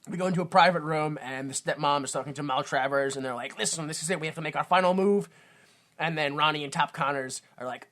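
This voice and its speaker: A man co-hosting a comedy podcast, recapping a film casually, acting out characters in quick silly voices and laughing often. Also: on the high side, fairly bright tone. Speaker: podcast co-host.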